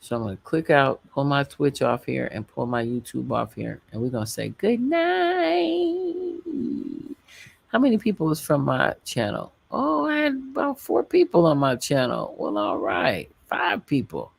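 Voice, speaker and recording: A woman's voice: extremely low pitch, very animated, normal speed, creaky, few pauses, husky, no room sound. A middle-aged woman hosting a livestream from home, chatting casually and rambling while laughing often. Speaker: livestream host.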